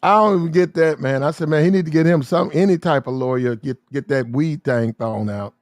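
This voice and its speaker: A man's voice: on the high side, dry recording, studio quality. Slangy man telling a rambling story. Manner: rambling, repetitive, slangy street talk; quick shifts into acted-out shouting arguments. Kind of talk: casual storytelling monologue.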